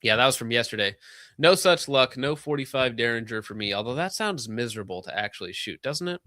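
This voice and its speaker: Bright, sarcastic man streaming. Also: medium pitch, lively intonation, no room sound, clean studio sound. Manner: sarcastic, joking, quick asides. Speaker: streamer reading donations. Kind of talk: casual livestream chat.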